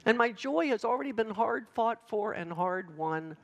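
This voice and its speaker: Gravelly, lively woman preaching passionately. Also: on the high side. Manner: passionate, emphatic preaching with dramatic pauses. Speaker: speaker addressing students. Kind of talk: sermon.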